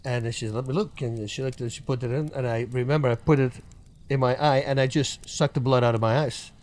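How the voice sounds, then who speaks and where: A middle-aged man, a guest on an interview, telling stories in a lively casual way, laughing often and acting out what people said. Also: medium pitch, quick pace. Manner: animated storyteller, laughs often, acts out quotes. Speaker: guest, former fighter.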